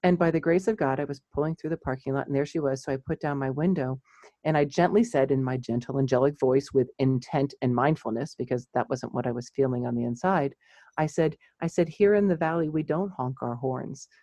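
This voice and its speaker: A middle-aged woman, a clinical psychologist, chatting casually and telling lively stories with frequent laughs. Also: a bass voice, fairly quick, dry recording. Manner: animated storyteller, laughs often.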